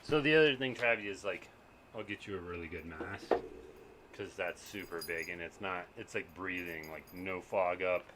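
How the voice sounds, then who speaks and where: A man's voice: deep voice, normal speed, a bit bright, slight background noise. A man chatting on an outdoor patio, eagerly explaining his gear to friends. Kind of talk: casual chat.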